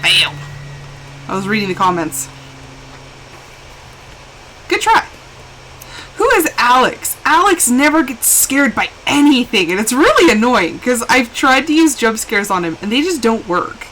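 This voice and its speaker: Young woman, lively game streamer, higher voice, chatty and expressive. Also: unhurried, pauses often, a little hiss or hum, rough recording. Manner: chatty and animated, with laughs and exclamations. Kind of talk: casual live-stream chat while gaming.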